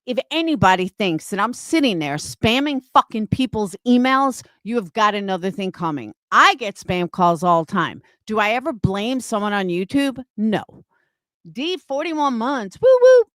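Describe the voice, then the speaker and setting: A woman's voice: medium pitch, animated, normal speed, a bit bright, dry recording, clean studio sound. Scornful, profane woman in her fifties. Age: 50s. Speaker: livestream host. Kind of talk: ranting livestream talk.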